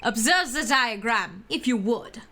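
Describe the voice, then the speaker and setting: A woman's voice: a little high, expressive, measured pace, sharp tone, slight background noise, exaggerated voice. A woman voicing a pompous young male college student witness who boasts in a haughty, theatrical way. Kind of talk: reading a game's dialogue aloud on a live stream.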